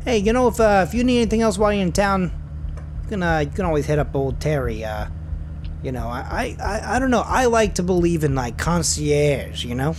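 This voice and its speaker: A man voicing a chatty, eager male rideshare driver who rambles through a filler-heavy sales pitch. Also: very animated, moderate pace, a little hiss or hum.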